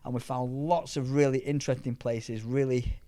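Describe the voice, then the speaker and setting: A middle-aged man, a powerlifter guest telling rambling, animated anecdotes in casual chat. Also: medium pitch, normal speed. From England.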